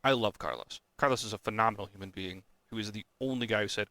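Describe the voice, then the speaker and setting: A man's voice: fairly low pitch, fast talker, pushed and bright, dry recording. A young man co-hosting a podcast, chatting casually and ranting with frequent swearing and exasperated outbursts. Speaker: podcast co-host. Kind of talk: casual chat.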